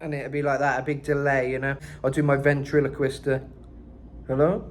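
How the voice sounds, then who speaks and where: A man talks through a singing lesson in a relaxed, rambling way, circling back with fillers as he explains. His voice sits at an ordinary middle pitch, with a faint hiss underneath. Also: fairly quick. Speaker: vocal coach. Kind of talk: casual vocal lesson.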